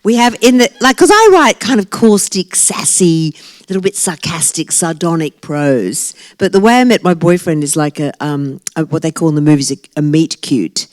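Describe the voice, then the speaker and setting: A woman's voice: sits low, expressive, normal speed, no room sound. Laughing, brash woman in her sixties. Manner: brash, self-mocking, laughs often. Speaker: author. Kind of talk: lively talk to a live audience. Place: library talk event.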